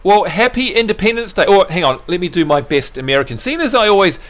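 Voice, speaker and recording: A man from New Zealand hosts a casual gaming livestream, chatty and jokey with frequent laughs. His voice sits a little high and swings widely in pitch. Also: expressive, fast, a bit bright. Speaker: livestream host.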